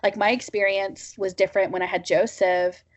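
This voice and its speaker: A woman's voice: medium pitch, level tone, normal speed. A woman in her thirties hosting a podcast, chatting casually and encouraging her guest. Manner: warm, encouraging, affirming interviewer. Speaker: podcast host. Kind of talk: casual interview chat.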